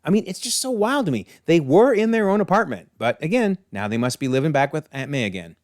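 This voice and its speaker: A man hosting a comic breakdown with enthusiastic, excitable commentary. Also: fairly high pitch, fast talker, no room sound, clean studio sound. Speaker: channel host.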